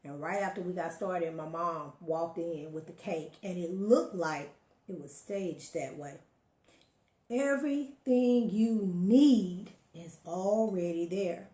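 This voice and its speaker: A woman's voice: on the low side, slow, dark tone, reverberant. A woman giving an emphatic motivational talk to her viewers, preaching and telling stories, calling listeners honey. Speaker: motivational live-stream host.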